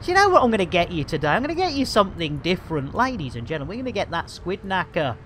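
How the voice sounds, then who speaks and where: Streamer, rambling jokey banter, lively swooping pitch, faint hiss behind. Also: male voice, racing. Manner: jokey, rambling, cheeky innuendo, frequent laughter. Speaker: game streamer. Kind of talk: live gameplay commentary.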